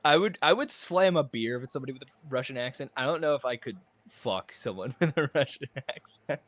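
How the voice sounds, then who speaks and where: A man's voice: mid-range voice, expressive, brisk, a bit bright. A man co-hosting a gaming podcast in casual chat, rambling and joking crudely. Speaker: podcast co-host.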